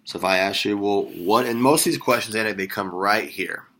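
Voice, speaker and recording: Male sales trainer, energetic and encouraging, quick, crisp delivery. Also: fairly low pitch. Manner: energetic, upbeat, praising. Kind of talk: sales script coaching.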